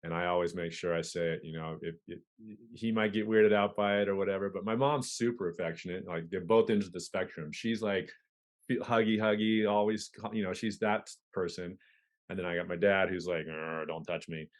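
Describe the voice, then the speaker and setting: A man's voice: deep voice, fairly even intonation, fairly quick. A man talking candidly as a podcast guest, casual and profane, with frequent restarts. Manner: candid, profane, stop-start. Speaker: podcast guest, police officer. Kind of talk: casual conversation.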